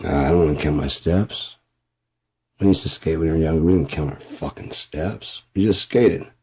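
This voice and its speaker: A man in his fifties in a casual, profane vlog rant, rambling and swearing, muttering low and then flaring up. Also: normal speed, mellow, breathy edge. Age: 50s. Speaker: vlogger.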